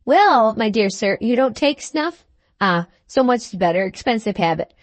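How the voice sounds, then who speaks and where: A woman's voice: a little high, expressive, normal speed, no room sound, close to an everyday voice. Woman doing a fussy wheedling little lawyer. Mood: coaxing. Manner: wheedling, keeps saying "my dear sir". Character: fussy little male attorney, ingratiating.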